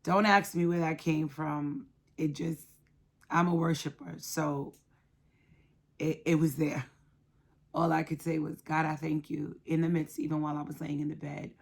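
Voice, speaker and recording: A woman in her thirties telling a personal story of loss, soft-spoken and halting, with many pauses. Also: low-pitched, flat delivery, creaky. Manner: emotional, quietly reliving a loss. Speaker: guest sharing her story.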